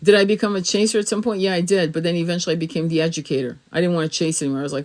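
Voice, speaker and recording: This tarot reader, a middle-aged woman, races through a casual on-camera spiritual reading with few pauses. Her lowish, darkish voice stays steady as she swears freely, laughs often, and speaks bluntly and emphatically.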